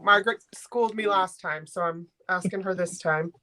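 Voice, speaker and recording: A woman's voice: fairly low pitch, moderate pace, pushed and bright. A woman hosting a live online makers' sale, chatting casually and getting flustered. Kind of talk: casual live-stream auction chat.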